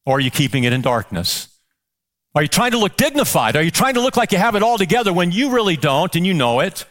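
A man's voice: sits high, very animated, fast, a bit bright. A male pastor preaching a sermon with passion, firing off rhetorical questions and repeating words as he builds.

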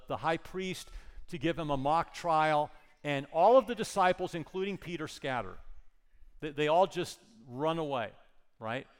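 An earnest man preaching, his voice sitting a touch high for a man. He retells the scripture story and then drives his points home with repeated phrases. His words ring out in a long, echoing hall. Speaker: pastor. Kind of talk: sermon.

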